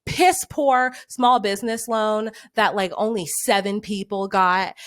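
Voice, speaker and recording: A woman's voice: medium pitch, unhurried. A woman in her twenties, a podcast co-host, delivering an angry, profane, exasperated rant in casual chat. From United States. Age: 20s.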